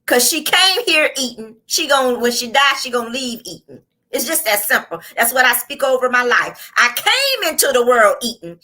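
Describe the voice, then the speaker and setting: A woman hosts a live online show in a fervent, preaching-style motivational delivery. Her voice sits high and sounds bright and forceful. She drives her points home with repeated phrases and calls out to her listeners. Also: very animated, moderate pace. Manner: fervent, repetitive, with call-outs to the audience. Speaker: host and coach.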